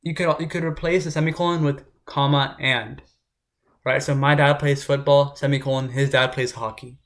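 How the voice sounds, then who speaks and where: A man's voice: medium pitch, little pitch movement, moderate pace, a bit bright. Casual man tutoring grammar, checking in often. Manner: informal, talks it through with frequent "right?" check-ins. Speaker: test prep tutor. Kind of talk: explaining grammar rules.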